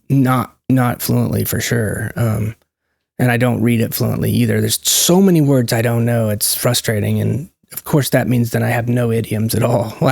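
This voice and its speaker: Man, channel host, casual monologue, rambling, self-interrupting, gravelly voice, dry close sound. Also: mid-range voice, a little mellow, no echo.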